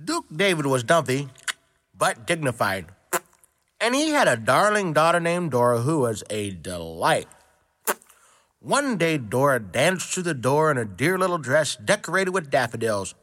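A man's voice: on the high side, sing-song, measured pace, fairly bright tone. A man reading a children's story aloud with a playful, tongue-twisting delivery.

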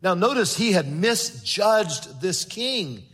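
Man, pastor, sermon, fairly high voice, husky tone, church reverb. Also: sing-song, slow pace, a bit bright. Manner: preaching, quoting scripture and acting out voices. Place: church sanctuary. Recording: long reverb of a large church.

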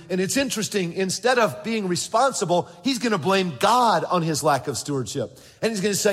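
Husky pastor preaching in a reverberant hall. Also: male voice, sits high, animated, fairly quick, few pauses, a bit bright. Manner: earnest preaching with stammered word repeats; acts out quoted voices in storytelling. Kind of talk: sermon. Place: large church sanctuary. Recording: long reverb of a large hall.

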